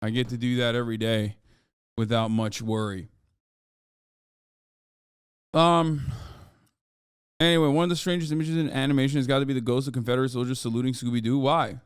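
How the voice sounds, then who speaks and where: A man's voice: mid-range voice, little pitch movement, a little fast, pauses often, clean tone, no room sound, studio quality. A man in his thirties hosting a live stream, chatting casually, joking and reading chat aloud. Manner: jokey, hyped, reads chat aloud. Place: home studio in Los Angeles.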